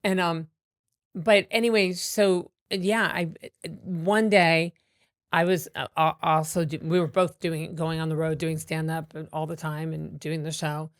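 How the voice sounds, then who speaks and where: A woman comedian telling animated stories with many fillers and restarts in a podcast interview. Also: low voice, a little slow, no echo, studio quality. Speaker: comedian guest.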